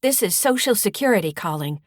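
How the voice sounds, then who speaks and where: A woman voicing a gruff, demanding woman caller with a slight Southern US accent, for an audiobook. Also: mid-range voice, animated, fairly quick, no echo, clean studio sound, pitched above the performer's own voice, close to an everyday voice. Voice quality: gruff, barking.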